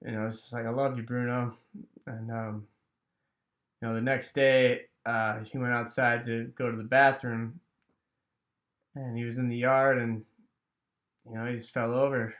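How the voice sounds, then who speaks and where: A man from Wisconsin casually telling a rambling childhood story, full of fillers and sound effects like "boom.". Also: little pitch movement, unhurried, pauses often, fairly bright tone. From Wisconsin, USA.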